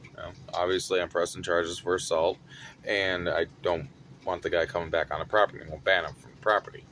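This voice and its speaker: A man telling a story from his retail job in an animated, dramatic way. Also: sits low, brisk, slight background noise. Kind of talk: casual storytelling vlog.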